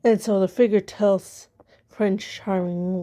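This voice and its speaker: A woman's voice: mid-range voice, slow pace, vocal fry, mellow. A woman casually rambling through her own story ideas, amused at herself. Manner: rambling, self-amused, many fillers. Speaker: amateur story writer.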